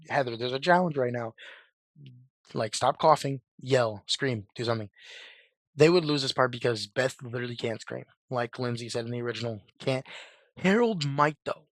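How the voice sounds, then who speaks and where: Hoarse young man rambling casually. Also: mid-range voice, a bit bright, no echo. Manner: rambling, lots of "like" and restarts, slangy. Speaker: fan commentator. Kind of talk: casual commentary.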